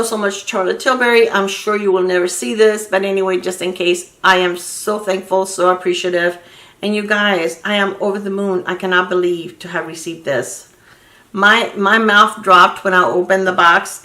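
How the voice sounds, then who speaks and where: A woman in her sixties gushes through a beauty unboxing with chatty enthusiasm. Her voice sits at an ordinary middle pitch and comes from a little way off the mic. The room adds a noticeable echo, with a faint hiss underneath. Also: pushed and bright. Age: 60s. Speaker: beauty vlogger. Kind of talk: casual product unboxing chat. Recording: roomy echo, distant mic, faint noise.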